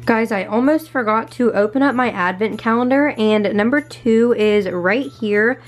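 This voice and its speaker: A woman's voice: fairly high pitch, normal speed. Chatty young woman vlogging at home. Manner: gushing and excitable, heavy use of "like". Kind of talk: casual vlog chat. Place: at home in her bedroom.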